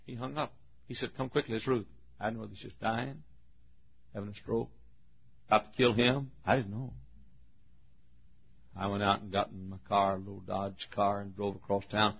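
An older man preaching a sermon, telling a story and acting out the voices, shouting at the high points. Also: normal speed, vocal fry, long pauses, husky. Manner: animated, acts out voices, shouts at peaks. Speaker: pastor. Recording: muffled lo-fi recording.

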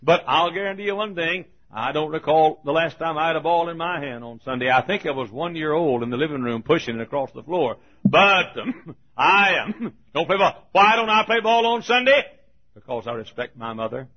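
A man's voice: on the high side, a little fast. An older man preaching a folksy sermon, telling stories with frequent chuckles and restarts. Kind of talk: sermon storytelling. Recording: dull lo-fi sermon recording.

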